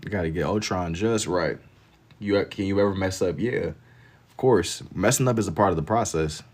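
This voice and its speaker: Man, low voice, relaxed slangy livestream chatter, laughs easily, reads comments. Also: normal speed. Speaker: livestreamer drawing on stream. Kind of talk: casual livestream chat, reading comments.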